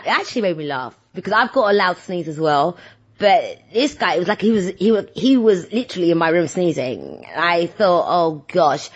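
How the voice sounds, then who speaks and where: A woman vlogger telling everyday stories in a rambling, animated, self-deprecating chat. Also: fairly low pitch. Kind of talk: casual chatty monologue. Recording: dull lo-fi sound.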